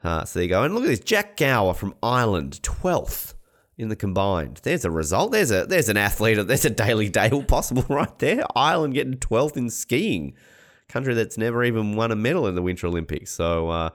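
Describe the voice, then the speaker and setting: A man's voice: fairly low pitch, very animated, moderate pace. An Australian man co-hosting a sports podcast, chatting casually and rambling with lots of fillers. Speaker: podcast co-host.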